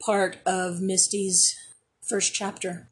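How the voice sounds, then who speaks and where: A woman's voice: mid-range voice, little pitch movement, takes it slowly, breathy edge. A woman co-hosting a podcast in casual chat, swearing freely and trailing off while she hunts for words. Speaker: podcast co-host.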